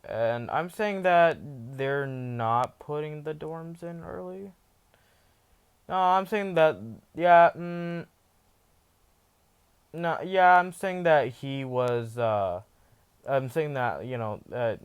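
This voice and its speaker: Smooth-voiced man rambling through a story. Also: medium pitch. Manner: rambling, many fillers and restarts. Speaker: fan fiction storyteller. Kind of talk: casual unscripted story narration.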